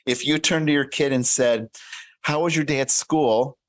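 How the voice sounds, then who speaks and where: A man speaking as a coach in a casual podcast interview, animated and acting out little dialogues, with many restarts and repeated words. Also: mid-range voice, normal speed, no room sound. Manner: animated, acts out little dialogues in shifting voices. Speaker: career and life coach guest.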